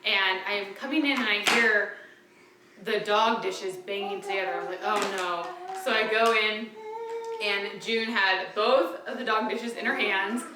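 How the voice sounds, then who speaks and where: A woman's voice: mid-range voice, steady tone, a little slow. A young woman, a mother of twins, chatting casually to camera at home in a fond, rambling way full of "like" fillers. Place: room in a family home with babies nearby. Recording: roomy home sound from a distance, faint noise.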